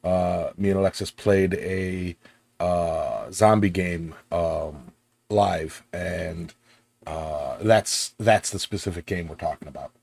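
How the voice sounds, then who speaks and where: A man's voice: low-pitched, takes it slowly, vocal fry, a little mellow, slightly rough. A man hosting a podcast in casual, joking chat, full of fillers and restarts. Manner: laid-back, filler-heavy and joking. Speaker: podcast host.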